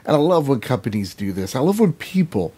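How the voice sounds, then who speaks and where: Husky, earnest podcast co-host. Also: male voice, mid-range voice, very animated, brisk, dark tone. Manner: earnest, swears freely, many "like"s. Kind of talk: casual gaming podcast chat.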